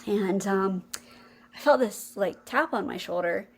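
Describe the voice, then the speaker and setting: A woman's voice: mid-range voice, a little slow, husky. A young adult woman hosting a podcast, telling a personal faith story in an earnest, emotional way. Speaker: podcast co-host.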